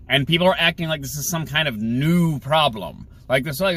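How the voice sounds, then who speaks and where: A male podcast host giving sarcastic, opinionated solo commentary while he drives, mocking others in shrill put-on voices. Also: animated, normal speed, fairly bright tone, dry recording, poor audio. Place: in a car. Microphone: phone or camera mounted in the car. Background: faint car and road noise.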